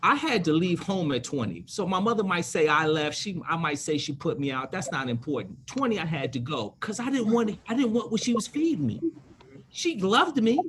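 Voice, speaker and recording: A man's voice: high voice, big pitch swings, a little fast, fairly bright tone, slight background noise. A man in his fifties, an attorney on a panel, telling stories emphatically and repeating words to drive points home. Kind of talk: panel discussion.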